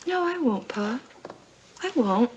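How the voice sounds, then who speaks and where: A woman's voice: on the high side, expressive, slow pace, highs cut off, a little hiss or hum. An actress playing a troubled schoolgirl accused of setting fires, pleading and defensive, in 1950s TV drama style. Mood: quiet, timid. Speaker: daughter Alice.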